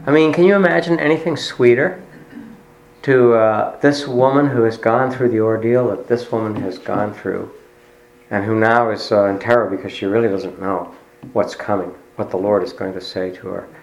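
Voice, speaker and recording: A man's voice: lowish voice, steady tone, creaky. Man preaching in an echoey room. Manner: conversational storytelling, pausing with fillers. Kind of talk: sermon. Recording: roomy echo.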